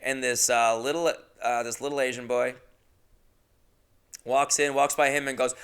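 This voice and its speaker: A man's voice: mid-range voice, steady tone, moderate pace, a bit bright, clear, resonant tone. A young man, a comedian and podcast host, telling a crude, brash, profane anecdote. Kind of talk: comedic storytelling.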